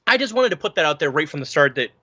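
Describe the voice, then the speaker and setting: A man's voice: on the high side, racing, muffled recording. A man co-hosting a casual podcast, chatting and reading articles aloud, tripping over words as he goes. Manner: animated, stumbles over words while reading. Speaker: podcast co-host.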